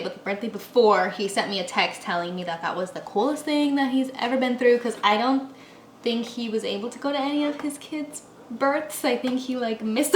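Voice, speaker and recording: A young woman in her twenties chatting casually and rambling as she bakes in her apartment kitchen, laughing often. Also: mid-range voice. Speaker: vlogger. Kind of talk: casual chat while baking. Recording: echoey room, faint noise.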